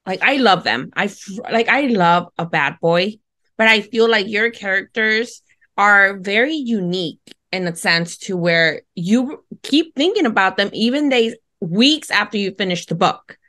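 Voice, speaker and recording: A woman's voice: medium pitch, expressive, a little slow, sharp tone. A woman hosting a book podcast, asking questions in an enthusiastic, chatty way. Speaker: podcast host. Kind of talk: casual podcast interview.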